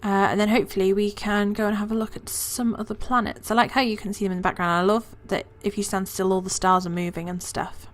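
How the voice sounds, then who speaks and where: A woman hosting a let's play, chatting casually and excitedly about what she sees in the game. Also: medium pitch, quick pace, few pauses. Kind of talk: casual gameplay commentary.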